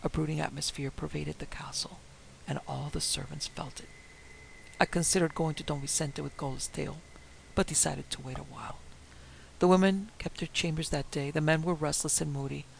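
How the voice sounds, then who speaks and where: A male narrator reads an adventure tale in a dramatic, measured way. His voice is strongly gravelly and sits a little high. Faint noise hums underneath. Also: fairly even intonation, low-quality recording. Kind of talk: audiobook narration.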